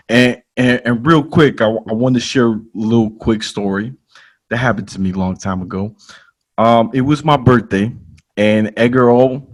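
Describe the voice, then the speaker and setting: A man with a Chicago accent hosts a casual podcast, joking and hyping things up with street slang. His voice sits at an ordinary middle pitch. He tells stories in a loose, animated way. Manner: playful, hype storytelling with laughs and slang. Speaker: podcast host.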